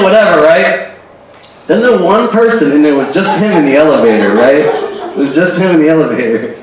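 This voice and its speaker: A man doing a stand-up comedy set, animated and throwing in character voices and Spanish phrases. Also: sits high, fairly quick. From Cuban family. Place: stage at a live show with audience. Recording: echoey room, distant live recording with crowd. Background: audience laughing.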